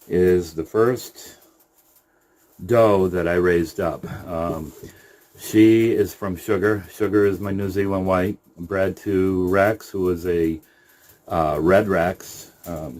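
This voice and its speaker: In a low-sitting voice, a middle-aged man who breeds rabbits shares a relaxed video update. He talks slowly and haltingly, pausing now and then to coo gently at his animals.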